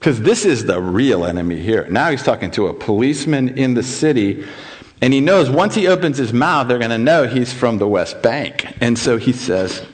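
A man's voice: medium pitch, animated, normal speed. A middle-aged male pastor telling a story in a sermon, acting out the voices of the people in it.

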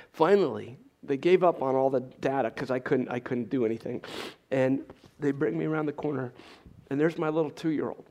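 A man's voice: mid-range voice, normal speed, a little mellow. A middle-aged man telling an audience an emotional personal testimony, earnest and urgent. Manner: earnest, urgent, intense retelling. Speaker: speaker giving a personal testimony.

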